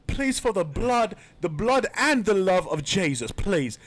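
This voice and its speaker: A young man bantering on a podcast in a silly fake British accent that keeps drifting toward Australian. His voice sits a little high for a man. He plays up the bit with theatrical flourishes, recorded on a studio mic. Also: very animated, measured pace, a bit bright. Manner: mock British accent put on as a joke, mixing British and Australian; goofy, playfully theatrical. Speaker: podcast co-host. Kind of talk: joking casual podcast banter. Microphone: studio mic with headphones.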